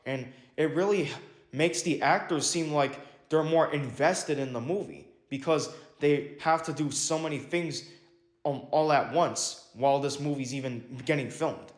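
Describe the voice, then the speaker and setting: A man's voice: a little high, unhurried. Rambling man reviewing movies in an echoey room. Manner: rambling, self-correcting, filler-heavy; swears casually and laughs at himself. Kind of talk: casual spoken movie review.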